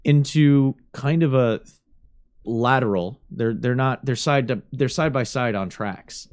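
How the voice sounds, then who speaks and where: Slow, halting male game master. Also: medium pitch, a little mellow. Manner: slow, halting descriptive narration. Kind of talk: narrating a tabletop game.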